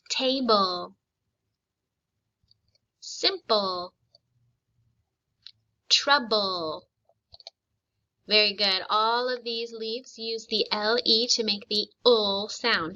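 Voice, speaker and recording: A woman teacher leading a phonics lesson, slowly modeling words for children to repeat. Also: mid-range voice, sharp tone. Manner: slow, deliberate modeling of words for repetition. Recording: slightly dull lo-fi recording.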